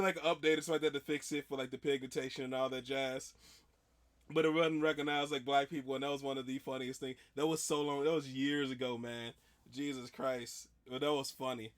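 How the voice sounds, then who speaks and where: A man hosting a reaction video, talking in a rambling, chatty way full of restarts. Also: medium pitch. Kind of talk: casual reaction commentary.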